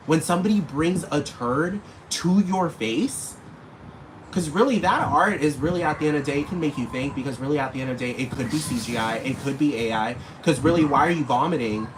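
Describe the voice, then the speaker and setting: A man's voice: a little high, animated, brisk. A man ranting casually and at length, rambling and swearing, talking straight at the people he's calling out. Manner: rambling, profane, talks straight at his targets. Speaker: vlogger. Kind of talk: casual rant to camera. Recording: noisy background hiss.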